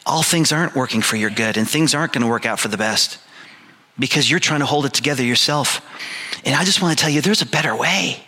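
Man, 50s, pastor, sermon, bright tone, candid, storytelling, emphatic repeats. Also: medium pitch, quick pace.

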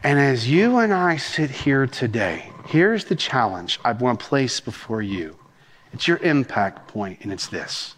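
A man, a senior pastor preaching a sermon with rhythm and animated cadence. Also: mid-range voice, a little hiss or hum. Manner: rhythmic, animated preaching with talk of speaking fast.

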